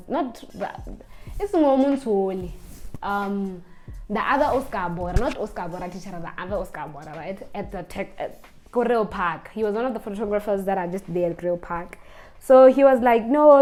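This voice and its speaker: A young woman, telling a casual storytime vlog in an animated way. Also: mid-range voice. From Botswana. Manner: animated storyteller, acts out the people she quotes. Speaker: vlogger.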